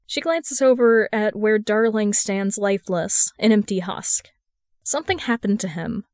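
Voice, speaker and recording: A woman reading a fan fiction audiobook in a steady, even narration. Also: medium pitch, moderate pace, dry recording, studio quality. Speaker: podfic reader.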